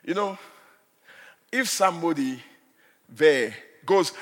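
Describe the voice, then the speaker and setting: A male preacher giving an impassioned sermon, dropping to hushed asides and rising to shouts. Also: fairly high pitch, sing-song, a little slow, long pauses, big-room sound, some chatter behind, slight background noise. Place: church hall.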